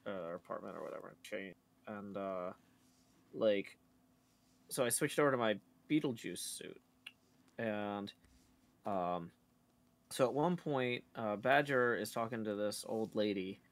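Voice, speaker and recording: Man stream co-host, gravelly mid voice, rambling and loose. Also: lowish voice, unhurried, long pauses. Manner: rambling, full of fillers. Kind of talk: casual chat on a live stream.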